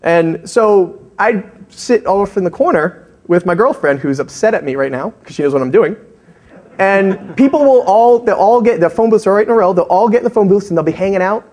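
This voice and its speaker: A man's voice: high-pitched, expressive, fairly quick, a little mellow. A man co-presenting at a security conference, telling an anecdote in a rambling way that wanders off on tangents. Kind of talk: anecdotal storytelling. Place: conference stage.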